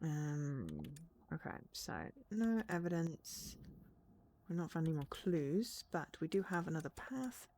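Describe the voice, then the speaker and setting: A woman's voice: sits low, lively intonation, measured pace, mellow. A woman streamer casually commenting on a game, thinking aloud and reading on-screen text.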